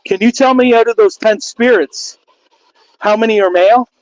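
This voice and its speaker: Ghost hunter, male, high voice, dry close sound, asks spirits the same questions again and again. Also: normal speed, no echo, dull audio. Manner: coaxing, repetitive questions. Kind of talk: addressing spirits during a ghost hunt. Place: outdoors under a bridge with traffic overhead.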